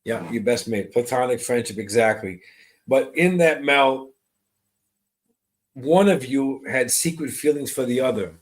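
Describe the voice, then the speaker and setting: With a mid-range voice, this psychic medium works through a live online reading, slowly laying out his impressions and responding to comments from viewers.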